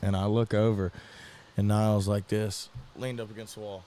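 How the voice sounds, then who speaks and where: A man's voice: fairly low pitch, little pitch movement, normal speed, warm tone. A young man co-hosting a podcast, telling stories in a laid-back, slangy way. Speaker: podcast co-host. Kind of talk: casual chat.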